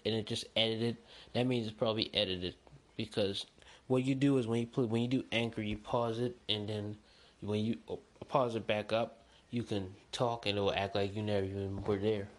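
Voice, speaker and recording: A young man hosting a solo podcast, chatting in a rambling, excitable, slangy way. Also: lowish voice, normal speed. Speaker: podcast host. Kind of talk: casual solo podcast chat.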